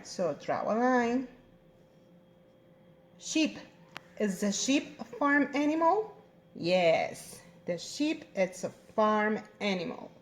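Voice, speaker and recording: A woman with a Spanish accent teaching English to young children in a slow, sing-song, encouraging way. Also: fairly high pitch, echoey room. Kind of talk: recorded online lesson for young children.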